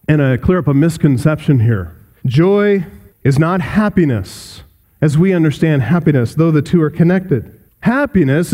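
Guy preaching a sermon, warm mellow tone, earnest, leans on repeating words. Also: on the high side. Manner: earnest preaching with long pauses and emphatic repetition. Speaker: pastor.

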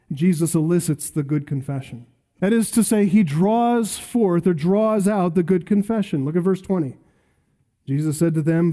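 A man preaching an expository sermon, emphatic, slowing down to stress key phrases and building to punchy lines. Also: sits high, warm tone. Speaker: pastor.

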